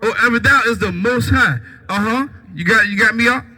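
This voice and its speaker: A man's voice: very high-pitched, brisk, pushed and bright, poor audio. A man preaching a street sermon, firing off rhetorical questions and asking "right?" after almost every line.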